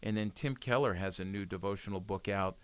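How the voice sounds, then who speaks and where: A man with a somewhat low voice talks as an interview guest. He speaks earnestly and urges his listeners on, often stopping to restart his sentences. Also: brisk, clean tone. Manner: earnest and exhortative, with frequent restarts. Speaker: podcast guest, youth ministry speaker. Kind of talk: conversational interview.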